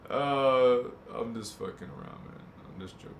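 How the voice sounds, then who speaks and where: A man's voice: medium pitch, very animated, measured pace, vocal fry, echoey room, slight background noise. A man hosting a spiritual livestream, musing aloud, joking and swearing as he sounds out a word. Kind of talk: rambling livestream chat.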